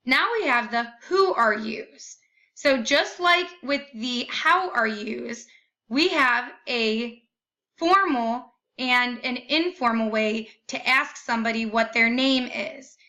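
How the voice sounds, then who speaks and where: A young woman teacher giving a recorded lesson, slowly and carefully modeling each phrase. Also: fairly high pitch, sharp tone.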